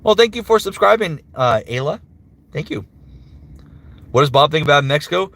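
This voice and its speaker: With a slightly high, very animated and a bit bright voice, a voice-actor streamer talks casually with his chat. He's upbeat and filler-heavy, answering comments and slipping in quick impressions.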